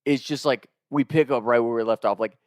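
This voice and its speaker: A young man telling a story in a casual, animated, profane way, laughing as he goes. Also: mid-range voice, brisk, dry recording, clean studio sound.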